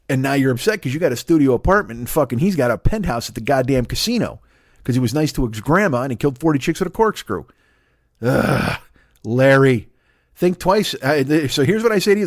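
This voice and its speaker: A man's voice: on the high side, no echo, clean studio sound. A man doing a rambling, profane comedy monologue. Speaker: stand-up comedian.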